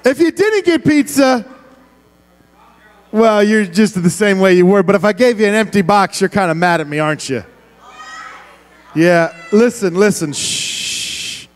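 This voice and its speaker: A man preaching as a youth pastor, playfully wrangling a big room of students and often shouting. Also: sits high, expressive, moderate pace, long pauses, smooth. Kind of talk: youth ministry sermon.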